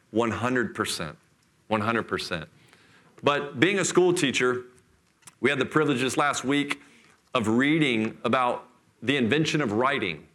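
A middle-aged man preaching a sermon in church, telling a scripture story with lively, acted-out voices. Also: medium pitch. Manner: animated storytelling, acts out voices. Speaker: pastor.

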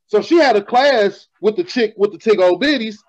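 A man hosting a podcast, telling profane stories in a casual, animated way. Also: sits high, moderate pace, lo-fi sound. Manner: profane, animated storytelling, laughing. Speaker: podcast host. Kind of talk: casual storytelling chat.

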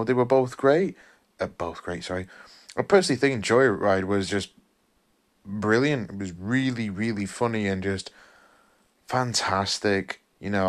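A weary man talks through a film review in a loose, rambling way, often apologizing and trailing off. His voice sits fairly low, and he sounds worn out from a long weekend. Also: smooth. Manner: rambling, apologetic, full of fillers and restarts. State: tired, yawning. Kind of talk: casual spoken film review.

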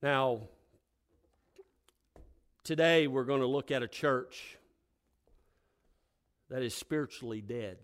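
An older man who is a pastor, telling folksy stories that build into loud, emphatic preaching. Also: medium pitch, slow pace, long pauses. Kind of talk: sermon with storytelling.

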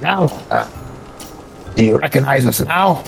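A man voicing a rough, bossy male orc jailer in a tabletop game, barking orders. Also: mid-range voice, animated, a little slow, faint music behind, voice pushed up. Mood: gruff.

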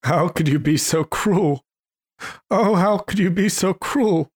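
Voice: medium pitch, slow. A reader voicing a kind-hearted old man, lamenting in distress in a storybook reading.

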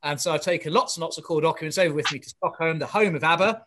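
This man joins a video call with a dry, self-mocking humour, and his tone is sharp and bright. His voice sits a little high for a man. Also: rapid-fire, slight background noise. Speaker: guest. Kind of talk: casual video-call chat.

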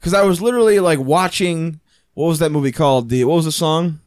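A man with a high voice tells crude, lively stories in a casual chat. The recording is dry, with no room sound. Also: fairly quick, dry recording. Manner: profane, animated storytelling.

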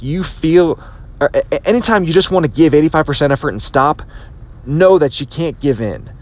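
Animated male motivational podcast host. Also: fairly high pitch. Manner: animated, repetitive restarts, acts out quotes. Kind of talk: motivational talk.

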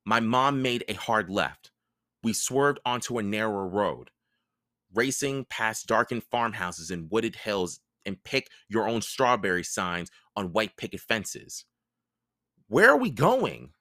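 Man, audiobook host, expressive storytelling, dry close sound. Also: fairly low pitch, measured pace, no echo. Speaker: podcast host and audiobook reader. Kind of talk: reading a novel aloud.

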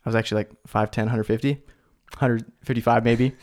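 A man's voice: medium pitch, steady tone, a little fast. A man in his twenties, a podcast guest, telling a story in a laid-back, slangy way, with lots of "like" and "dude". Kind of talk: casual storytelling.

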